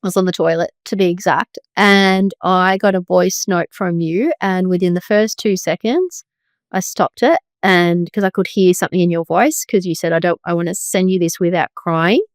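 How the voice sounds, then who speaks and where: A woman's voice: fairly low pitch, moderate pace, dry recording, studio quality. Laid-back, easygoing woman co-host. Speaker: podcast co-host. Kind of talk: casual chat.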